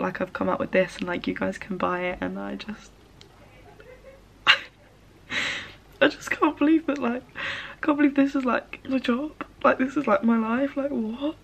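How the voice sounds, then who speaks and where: A young woman in her twenties talking casually to camera, excitable and emotional, fast and breathless. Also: a little high, vocal fry. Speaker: vlogger. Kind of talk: casual vlog talk.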